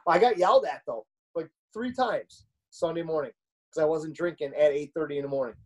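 A man's voice: a little high, fairly quick. A man co-hosting a podcast, telling a rambling story in casual chat, swearing and laughing often. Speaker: podcast co-host.

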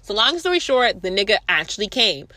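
Animated, swearing young woman telling a story. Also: mid-range voice, brisk, no room sound. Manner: animated, profane, sarcastic. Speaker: vlogger. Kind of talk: storytime rant.

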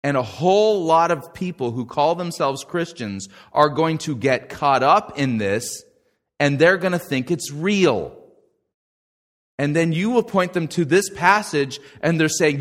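A man preaching a sermon in a folksy, conversational way, swinging from quiet asides to loud, emphatic quoted lines. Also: a little high, lively intonation, a little slow. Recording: long hall reverb.

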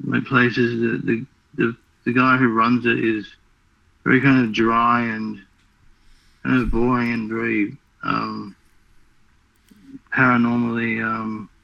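A man with an Australian accent in a casual podcast chat, talking haltingly with many restarts. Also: mid-range voice, flat delivery, creaky, no echo. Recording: dull dry lo-fi mic.

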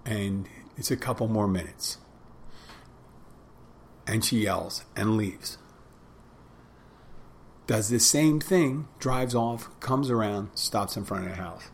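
A man's voice: lowish voice, takes it slowly, gravelly, pauses often, slight background noise. A man in his twenties casually telling a rambling personal story, often correcting himself and quoting back and forth. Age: 20s. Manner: rambling, self-interrupting storytelling with quoted dialogue.

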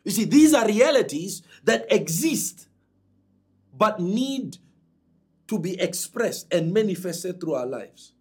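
A man preaching a sermon to a congregation with emphatic delivery and dramatic swings in pitch. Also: big pitch swings, takes it slowly, darkish tone, husky.

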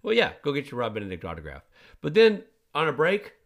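A man's voice: a little high, huge pitch swings, fast. A middle-aged man telling a long story in casual chat, acting out quotes with big jumps in his voice. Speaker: podcast co-host.

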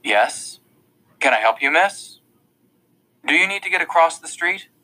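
A man reading the lines of a helpful passerby who talks louder than he needs to. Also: a little high, lively intonation, measured pace, pitched above the performer's own voice, full character voice.

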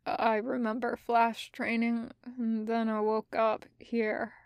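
A woman reading the lines of a sick young male cadet, croaky and quiet, speaking softly from a hospital bed. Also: on the high side, monotone, unhurried, dry recording, studio quality. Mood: weak.

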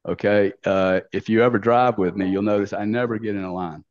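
A man's voice: on the low side, fairly even intonation, fairly quick, a little mellow, no echo. A middle-aged man, telling stories as a podcast guest in a brash, blunt way, full of slang and swearing. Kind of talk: casual storytelling interview. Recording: dull dry lo-fi sound.

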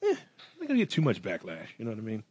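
A man's voice: fairly low pitch, wildly swooping pitch, racing, darkish tone, slightly rough, dry recording. A man co-hosting a casual podcast, telling rambling stories and laughing through them. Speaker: podcast co-host.

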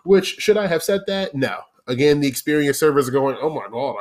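A young man hosting, telling a profane story about his old job in a casual, animated monologue that turns into rants at the listener. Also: fairly high pitch, fairly quick, hardly any pauses. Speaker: podcast host.

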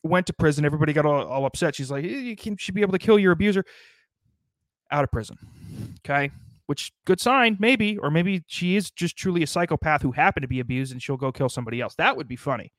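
A man's voice: a little high, quick pace, a bit bright, no room sound. A man delivering a rambling, sardonic comedic monologue, swearing constantly as he riffs.

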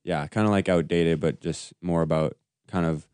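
A young man with a very deep voice chats on a casual podcast. He sounds easygoing and agreeable as he adds to the conversation. The sound is dry and close. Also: fairly even intonation, normal speed, darkish tone, clear, resonant tone, no room sound. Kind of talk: casual chat.

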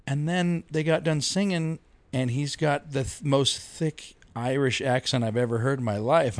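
A man's voice: medium pitch, moderate pace, dry recording. A man co-hosting a podcast in casual chat, rambling through stories with mock-outraged quotes. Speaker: podcast co-host.

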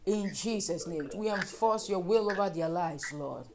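A woman's voice: on the low side, measured pace, background noise. A woman leading fervent group prayer, repeating petitions and breaking into speaking in tongues. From Africa. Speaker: prayer leader.

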